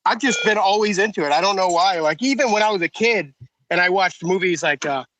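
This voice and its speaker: Man, high voice, bright tone, eager rambling chat, faint background noise. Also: fairly quick. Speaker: podcast guest. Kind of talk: casual chat.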